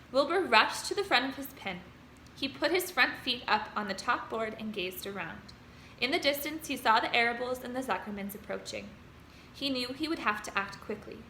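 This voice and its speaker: A woman teacher reading a children's novel aloud to her students with expressive storytelling. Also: on the high side, slight background noise. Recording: roomy room echo.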